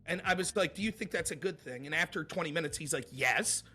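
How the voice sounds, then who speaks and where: Male guest, high bright voice, animated storyteller, faint music behind. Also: quick pace. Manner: animated, mimics opponents in quoted voices. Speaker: podcast guest, streamer. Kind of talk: casual debate storytelling.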